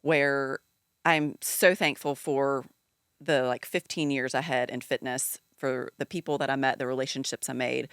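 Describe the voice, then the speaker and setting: Southern lady guest, forties, chatty with lots of ums, real low voice. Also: steady tone, moderate pace, clean tone, dry recording, clean studio sound. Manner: chatty, warm, laughs easily, many fillers. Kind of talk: casual chat.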